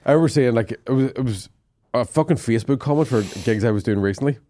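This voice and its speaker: A man's voice: mid-range voice, fast talker, warm tone, no echo. A man with a Northern Irish accent, a comedian co-hosting a podcast, talking casually with heavy swearing and dry mock insults. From Northern Ireland.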